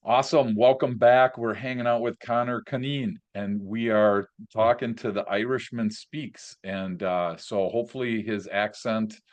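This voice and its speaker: A man's voice: lowish voice, steady tone, a little slow, hardly any pauses. A man hosting a podcast, enthusiastic and affirming, using lots of fillers as he moves the conversation along. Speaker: podcast host. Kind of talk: podcast interview.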